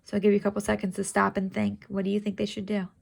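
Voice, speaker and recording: A woman's voice: medium pitch, completely flat delivery, very fast, creaky, husky. A woman teacher reading a chapter book aloud to students, stopping to ask questions and explain vocabulary in an encouraging way.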